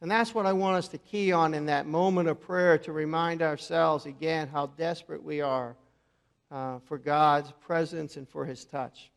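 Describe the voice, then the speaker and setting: A man preaches in a church, his voice pitched a little high and trailing into a long reverb. He tells the story with dramatic pauses and goes quiet and gentle for quoted words. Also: steady tone, gravelly, clean tone. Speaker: pastor. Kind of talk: sermon. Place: church sanctuary.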